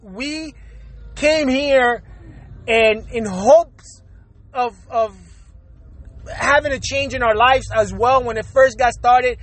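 A man's voice: very high voice, slow, long pauses, fairly bright tone. A man from Puerto Rico, a native Spanish speaker with a heavy Puerto Rican accent, rambling bluntly in a casual vlog monologue, repeating words and swearing freely. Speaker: vlogger.

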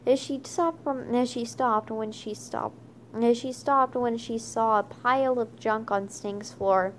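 A woman reading a children's chapter book aloud, halting often with fillers and restarts. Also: fairly high pitch, steady tone, a little hiss or hum. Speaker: reader.

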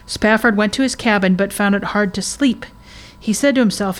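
A woman's voice: medium pitch, moderate pace. A woman co-hosts a casual faith podcast in a mid-range voice. She speaks earnestly and often restarts her sentences as she shares. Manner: earnest, restarts often, reads story aloud. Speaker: podcast co-host.

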